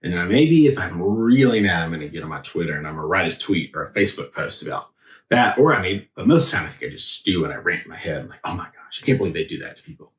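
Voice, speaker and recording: A man's voice: sits low, sing-song, fast, roomy sound, rough recording. A man giving a casual, conversational sermon in a church, thinking aloud with many filler words. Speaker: preacher. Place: church sanctuary.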